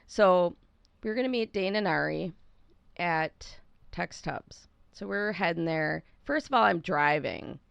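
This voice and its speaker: A woman's voice: lowish voice, expressive, measured pace, gravelly, fairly bright tone, clean tone, dry recording, muffled recording. A middle-aged woman co-hosting a podcast, telling a story in a rambling, self-mocking way with lots of laughter. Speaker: podcast co-host. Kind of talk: casual storytelling chat.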